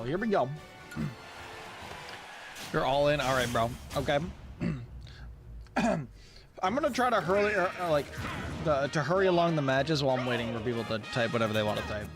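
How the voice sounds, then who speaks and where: Young man, streamer, lively pitch, excitable commentary, music from the game behind him. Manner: animated, exclaims often, laughs, does quick voices of characters.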